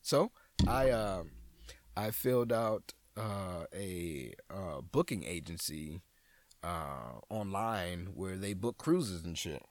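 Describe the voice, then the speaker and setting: A man hosting a podcast as a comedian, in a casual, profane monologue that jumps into high, excited outbursts. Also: takes it slowly, no room sound.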